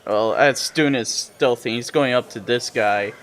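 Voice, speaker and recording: A man's voice: mid-range voice, a little slow, a bit bright. Guy player spelling out his moves eagerly, bit of faint background hiss. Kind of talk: casual chat playing a tabletop game.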